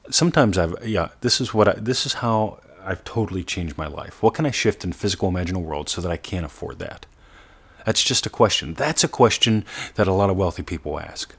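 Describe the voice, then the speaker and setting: A man giving a motivational coaching talk, earnest, sometimes slowing to a soft, drawn-out demonstration voice. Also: deep voice, husky. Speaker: manifestation coach.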